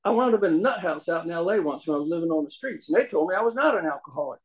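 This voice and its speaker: A man's voice: fairly high pitch, lively intonation, rapid-fire, low-quality recording. Folksy man telling his story. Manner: folksy, humorous, acts out quoted voices. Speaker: speaker sharing his recovery story. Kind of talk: storytelling talk to a meeting audience.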